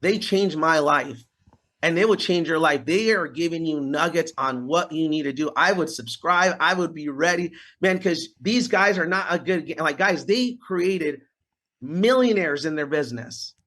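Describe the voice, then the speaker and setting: A man's voice: fairly high pitch, normal speed, fairly bright tone. A man on a podcast as a guest, telling his story in an earnest, fired-up way, with restarts as he builds up. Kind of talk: casual storytelling interview.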